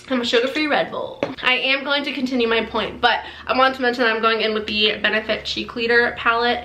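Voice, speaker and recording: A woman's voice: fairly high pitch, bright, forceful tone. A young woman chatting casually as a beauty vlogger, full of "like" fillers and little giggles. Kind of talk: casual get-ready-with-me chat. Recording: echoey room.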